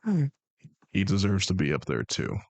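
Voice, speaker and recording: A man's voice: deep voice, wildly swooping pitch, moderate pace, a little mellow, no echo. A young man streaming and bantering with his chat, joking and sarcastic. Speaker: streamer and game master.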